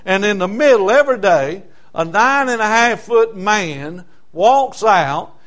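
A man's voice: high-pitched, expressive, measured pace, fairly bright tone. A man with a Southern US accent preaching a folksy, fervent sermon, retelling a Bible story. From South Carolina.

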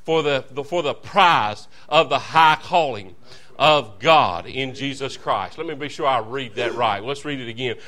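Male preacher, fervent folksy sermon delivery, forceful and ringing. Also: a little high. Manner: fervent, folksy, calls to the congregation. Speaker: visiting preacher. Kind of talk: revival sermon.

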